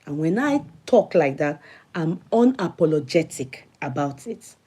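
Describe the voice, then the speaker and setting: Her voice is deep, warm, sing-song, slightly rough, and a little slow. A middle-aged Nigerian-accented livestream host, she chats casually, welcomes viewers by name, and mixes in Yoruba phrases.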